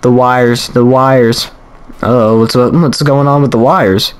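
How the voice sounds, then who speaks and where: A man's voice: medium pitch, fairly even intonation, takes it slowly, smooth. A man giving casual gameplay commentary, chatty and reactive, thinking aloud as he plays. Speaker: let's play host.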